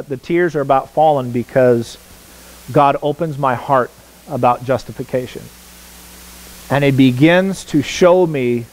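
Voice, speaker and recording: A man's voice: medium pitch, rough recording. A man preaching a sermon as pastor, emphatic, repeating words for stress and asking the congregation questions. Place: church sanctuary.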